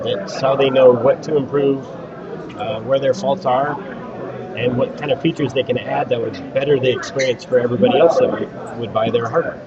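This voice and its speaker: A man co-hosts a live hardware stream in an easygoing way, calmly walking through technical details. The audio is somewhat dull, and a crowd is clearly audible behind him. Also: mid-range voice. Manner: relaxed, explains technical details. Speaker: livestream co-host. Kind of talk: live event commentary.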